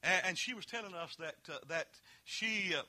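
A man preaching a holiness sermon, swinging from folksy, homey storytelling to loud, emphatic peaks. His voice is very bright and cutting, set a little above the usual male pitch. The sound is dry and close, with almost no room echo. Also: moderate pace.

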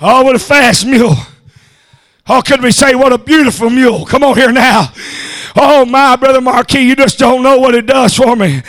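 A man preaching a revival sermon, shouting his lines and punctuating them with "huh?" and "amen". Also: very high voice, normal speed. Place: church service.

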